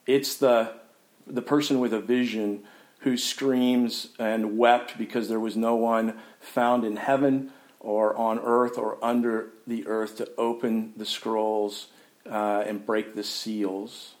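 A man's voice: medium pitch, steady tone, takes it slowly, low-quality recording. An older man preaching a sermon in an earnest, reflective way.

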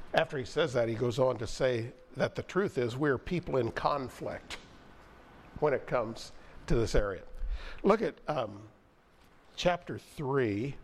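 A male pastor delivering a sermon, reading scripture aloud and stressing key phrases with slow, deliberate pauses. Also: mid-range voice, slight background noise.

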